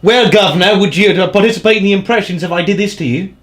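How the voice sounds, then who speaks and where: A man putting on a pompous, old-fashioned English gentleman in a jokey impression. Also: low voice, expressive, fast, pitched below the performer's own voice. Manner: pompous, exaggerated upper-class delivery.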